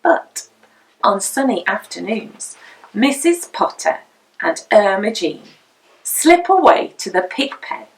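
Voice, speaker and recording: Slow and medium in pitch, this woman's storytelling reading of a picture book is expressive and sing-song. She sits a bit distant from the mic.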